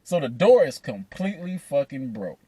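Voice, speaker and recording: A man telling a profane, animated story, laughing between lines. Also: medium pitch, moderate pace, slight background noise. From Atlanta, USA. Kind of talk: casual storytelling.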